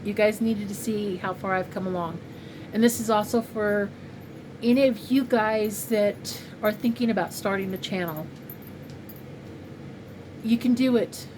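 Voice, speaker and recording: A woman in her fifties from California, chatting in a rambling, heartfelt way with lots of fillers in a casual personal vlog at home. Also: medium pitch. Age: 50s. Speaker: crochet channel vlogger. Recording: noisy home recording.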